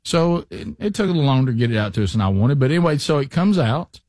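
A man's voice: medium pitch, lively intonation, fast, a little mellow, no room sound, studio quality. A man hosting a talk show, telling a rambling story with lots of restarts in casual banter. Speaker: radio show host.

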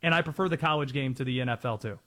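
A man's voice: medium pitch, rapid-fire, fairly bright tone. A man hosting a sports talk show, arguing his opinions assertively and taking callers. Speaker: sports radio host.

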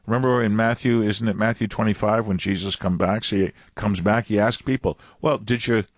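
A man's voice: fairly low pitch, steady tone, a little fast, no room sound, studio quality. A pastor giving a conversational sermon, a man whose casual, digressive telling often breaks into chuckling asides.

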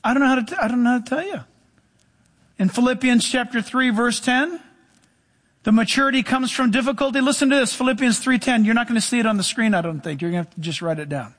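A middle-aged male pastor preaching a sermon, animated, with sudden drops to soft, low asides. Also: quick pace.

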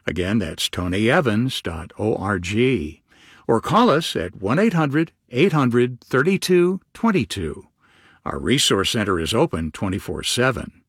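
A man reading a scripted announcement for a radio ministry in a smooth, promotional tone. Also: medium pitch, no room sound, clean studio sound.

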